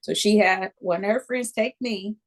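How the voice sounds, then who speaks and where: A woman's voice: mid-range voice, moderate pace. An American woman in her fifties, a guest telling a personal story in an interview, acting out voices and often checking in with "okay?". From United States. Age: 50s. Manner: animated storyteller who acts out voices and keeps checking in with "okay?". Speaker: guest, Reiki practitioner.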